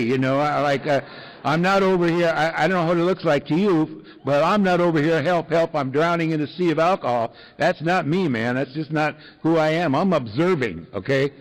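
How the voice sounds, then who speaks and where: A man's voice: fairly high pitch, poor audio. A man sharing his recovery story with an audience in a wry, self-mocking way, full of fillers and chuckles.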